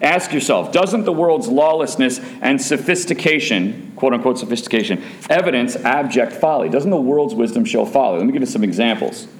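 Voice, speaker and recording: A man's voice: medium pitch, lively intonation, a little fast, few pauses. A man preaching a sermon to a church, emphatic and fired up, hammering home rhetorical questions and repeating lines.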